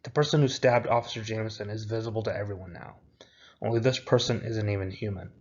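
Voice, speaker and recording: A young man reading out his own script with its stage directions, in a plain, even way. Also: lowish voice, quick pace, muffled recording.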